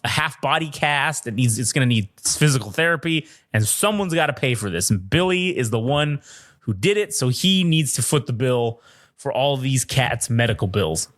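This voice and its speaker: Man, podcast co-host, casual storytelling, animated, swears a lot, laughs often, mid-pitched voice. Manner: animated, profane anecdote telling with frequent laughs.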